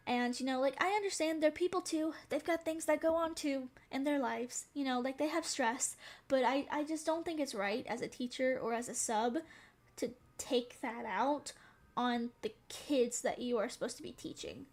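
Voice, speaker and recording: A woman's voice: high-pitched, normal speed, a little mellow. A young woman streamer telling a personal story in casual chat, frank and chatty, swearing now and then. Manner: calls herself very sensitive.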